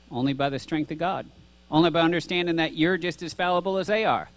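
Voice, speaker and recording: A man's voice: fairly high pitch, fast talker. A middle-aged male pastor giving an earnest, conversational sermon, asking rhetorical questions and acting out both sides of a dialogue. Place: church sanctuary.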